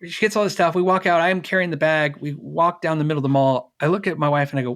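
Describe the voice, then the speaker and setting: Middle-aged male guest, fairly high voice, animated storyteller who acts out the lines of other people. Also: fast, hardly any pauses. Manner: animated storyteller, acts out dialogue, laughs often. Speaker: interview guest. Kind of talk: storytelling in casual interview.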